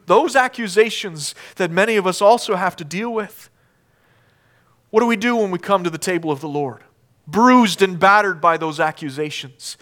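A man preaching a sermon as pastor, emphatic, swinging between loud declarations and hushed lines. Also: high voice, normal speed.

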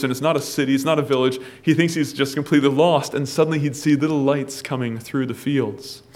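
Impassioned pastor preaching. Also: male voice, mid-range voice. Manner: storytelling, building to loud impassioned preaching. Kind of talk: sermon.

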